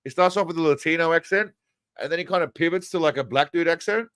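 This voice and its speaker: A man's voice: a little high, fast talker, fairly bright tone, a little hiss or hum. A man hosting a casual livestream, commenting on clips in a crude, mocking, rambling way. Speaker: livestream host.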